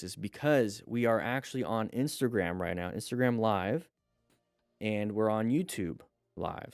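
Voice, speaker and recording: A man's voice: mid-range voice, a little mellow, clean tone, no echo, studio quality. A man hosting a casual livestream as a riding instructor, upbeat and chatty, greeting viewers by name and reading out comments.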